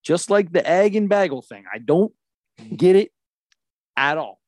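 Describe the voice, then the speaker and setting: Guy w a kinda high voice, laughing at himself a lot on a podcast, dry sound. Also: measured pace, no room sound. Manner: animated, self-mocking, laughs often. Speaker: podcast co-host. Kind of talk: casual chat.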